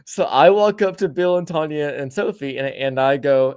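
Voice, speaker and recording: A male podcast host with a fairly high, smooth, slightly mellow voice tells a story at a somewhat slow pace. His casual chat is loose and rambling, full of free swearing, and he keeps restarting sentences mid-thought.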